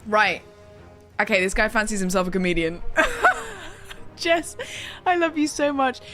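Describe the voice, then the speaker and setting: A woman giving casual, excitable let's-play commentary, yelling and laughing at the game as she plays. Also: mid-range voice, a little slow. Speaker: gaming streamer. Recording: game music playing under voice. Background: game music.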